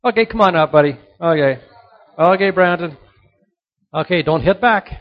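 A middle-aged man giving a motivational sermon to young people, emphatic and repetitive, sometimes dropping to a soft earnest tone. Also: a little high, lively intonation, normal speed. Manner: emphatic, repeats key points, drops to soft earnest tones. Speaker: youth speaker. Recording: dull lo-fi recording.

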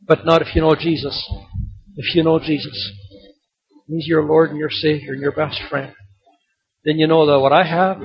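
A man in his sixties preaching with rhetorical questions and emphatic rising peaks. His voice sits high for a man and has a husky edge. The recording is slightly dull and lo-fi. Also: little pitch movement, normal speed, pauses often. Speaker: pastor. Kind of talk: sermon.

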